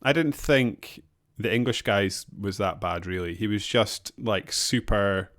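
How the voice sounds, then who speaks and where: A man's voice: fairly low pitch, a little slow, a bit bright. A man co-hosting a podcast in easygoing, casual chat. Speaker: podcast co-host.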